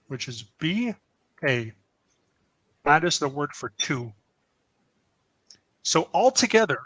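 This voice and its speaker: Slow, bright-voiced man explaining grammar. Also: on the high side, dry recording, poor audio. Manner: patient, step-by-step explaining. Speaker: language presenter. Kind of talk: explanatory language lesson.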